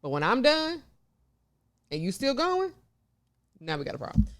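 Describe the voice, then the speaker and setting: Woman co-host, blunt and profane, lively swooping pitch. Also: moderate pace. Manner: blunt, outspoken, swears freely. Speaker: podcast co-host. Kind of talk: casual chat.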